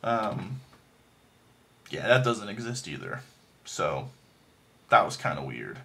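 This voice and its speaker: A man's voice: lowish voice, sing-song, slow pace, gravelly, long pauses, a bit bright. A man casually reviewing a movie, rambling with lots of fillers and restarts and making self-deprecating jokes. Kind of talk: casual chat.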